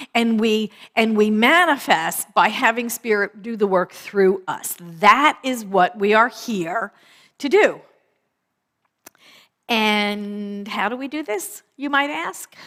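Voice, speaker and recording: A woman minister giving a conversational sermon, repeating phrases for emphasis, slowing on key words and often asking "right?". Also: mid-range voice, a bit bright.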